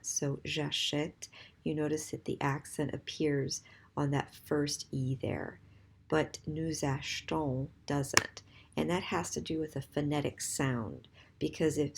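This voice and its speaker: A woman's voice: deep voice, gravelly, slightly rough. A woman teaching a recorded grammar lesson, patiently spelling out word endings letter by letter and counting to three before giving each answer. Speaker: French teacher.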